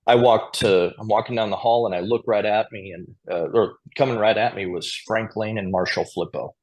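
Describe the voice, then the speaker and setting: A man whose voice is on the low side and darkish in tone chats as a podcast guest, speaking a little fast with fairly even intonation. He is a square dance caller from Montana, USA, telling casual stories and laughing softly at times.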